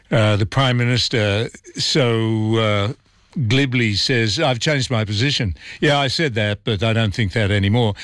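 Low-voiced radio host. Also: male voice, fairly bright tone, dry recording, clean studio sound. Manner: conversational, opinionated. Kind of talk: talk radio chat.

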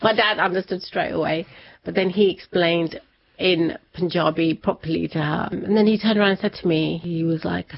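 A woman's voice: on the low side, fairly even intonation, moderate pace, creaky, no room sound. A woman guest in an interview, telling a personal family story in a chatty way and laughing often. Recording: slightly dull lo-fi sound.

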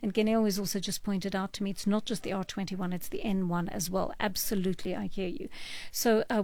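A woman from South Africa hosting a talk radio show, reading listener messages and taking calls in a measured, wry manner. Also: mid-range voice, steady tone, darkish tone, dry recording. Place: radio studio.

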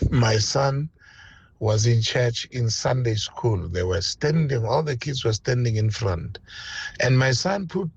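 A father calling in to a radio show, telling a funny story slowly. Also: mid-range voice, animated, breathy edge, no echo. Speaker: caller.

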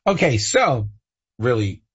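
A man's voice: medium pitch, big pitch swings, takes it slowly, husky, dull audio. A man co-hosting a radio talk show, trading teasing quips with his partner and laughing often. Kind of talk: casual radio banter.

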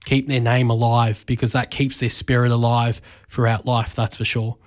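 A man, hosting a community radio talk show, speaking emotionally and haltingly with many fillers and restarts, his voice breaking with grief. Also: mid-range voice, flat delivery. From Australia. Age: 20s. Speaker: radio host.

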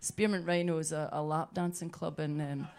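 A woman's voice: low-pitched, level tone, moderate pace, a little mellow. A Scottish woman, a folk singer on stage, telling jokey stories between songs and coaxing the audience to sing along. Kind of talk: chatty between-song banter.

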